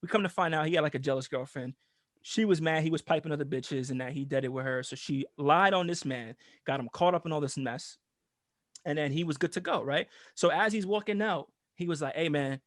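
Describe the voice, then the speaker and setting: A man co-hosting a podcast, telling a story in a casual, profane and animated way and laughing often. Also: on the high side, fairly quick, no echo, studio quality. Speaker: podcast co-host.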